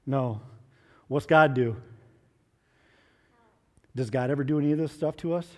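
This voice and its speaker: A man giving a children's moment in church, asking the kids gentle questions and coaxing answers. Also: mid-range voice, unhurried, in a large hall. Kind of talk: children's sermon with props.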